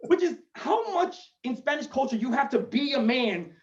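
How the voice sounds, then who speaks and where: A man's voice: very high voice, expressive, normal speed, distant mic, muffled recording. A male stand-up comedian doing a chatty, rambling set from his home over a video call, with self-deprecating asides. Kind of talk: stand-up set for an online show.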